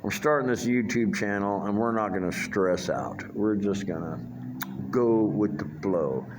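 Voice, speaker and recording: A man's voice: on the low side, a little slow. An older man talks in a rambling, profane vlog monologue, full of fillers and restarts. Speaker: vlogger.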